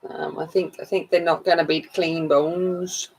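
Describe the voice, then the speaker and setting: A woman's voice: deep voice, level tone, a little slow, darkish tone, breathy edge, poor audio. A woman with a broad Australian accent, chatting casually and rambling while she colours on a livestream. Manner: chatty, rambling, self-mocking.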